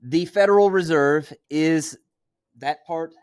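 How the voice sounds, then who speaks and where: A middle-aged man from Missouri with a slightly high, darkish voice gives a classroom lecture at a slow pace. He teaches conversationally, checking in with "right?" as he goes.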